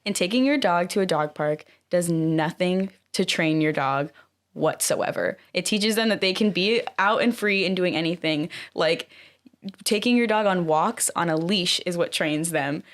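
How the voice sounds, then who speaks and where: A young woman with a fairly low voice co-hosts a laid-back podcast conversation. She rambles through her stories and leans on "like" again and again. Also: unhurried. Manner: chatty, many "like" fillers. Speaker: co-host. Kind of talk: casual podcast chat.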